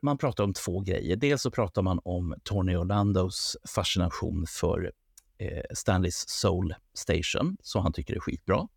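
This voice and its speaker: A man hosting a podcast, giving a relaxed recap with hesitant fillers. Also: deep voice, normal speed, vocal fry, husky, no room sound, clean studio sound. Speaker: podcast host. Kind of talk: casual podcast commentary.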